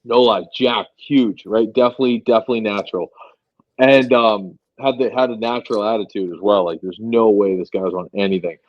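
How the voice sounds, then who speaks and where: A man's voice: on the low side, fairly quick, dry recording, dull audio. A man telling a loose, rambling anecdote with slang in casual podcast chat.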